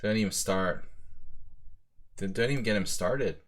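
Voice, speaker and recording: A man's voice: on the low side, unhurried. A man streaming a chess simul, thinking aloud in casual commentary full of fillers like "like" and "um.".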